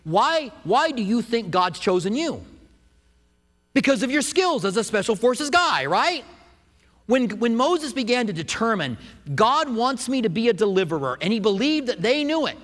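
A man preaching a sermon, retelling a scripture story with animated storytelling. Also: very high-pitched, moderate pace. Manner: animated storytelling, acts out quotes. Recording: echoey hall.

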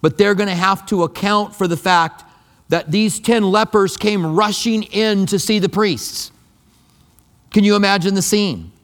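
A man's voice: high voice, measured pace, fairly bright tone. A pastor preaching a sermon in a conversational, emphatic way, often repeating his key phrases. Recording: long reverb of a large hall.

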